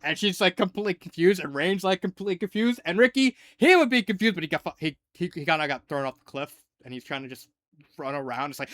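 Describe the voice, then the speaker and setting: Rambling man with a smooth, high-ish voice. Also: fast, no echo. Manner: rambling, heavy use of "like"; animated when retelling scenes. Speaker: fanfiction reviewer. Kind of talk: casual spoken review.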